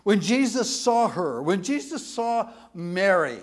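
A man preaches to his congregation, his voice sitting high and leaping up and down in pitch. He takes his time, dropping to near-whispers on tender points and pushing out loud on emphatic ones. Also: big pitch swings, slow pace. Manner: emotional, swings between hushed and emphatic; asks the congregation for a show of hands. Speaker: pastor. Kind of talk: sermon.

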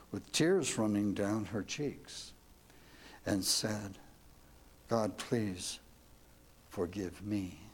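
A man's voice: fairly low pitch, slightly rough. A man telling a devotional story as a sermon, earnest and reflective, ending with questions to his listeners. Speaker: preacher.

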